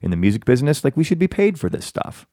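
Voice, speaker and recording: A man's voice: medium pitch, very animated, quick pace, warm tone, no echo, studio quality. A man hosting a podcast, chatting in a rambling, talkative way that often interrupts itself. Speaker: podcast host. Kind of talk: casual interview chat.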